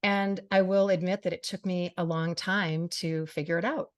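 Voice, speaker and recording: A woman's voice: lowish voice, steady tone, moderate pace. A middle-aged woman hosting a radio show and podcast, speaking earnestly and from the heart to her listeners, often saying "you know". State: briefly tearful. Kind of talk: personal monologue to listeners.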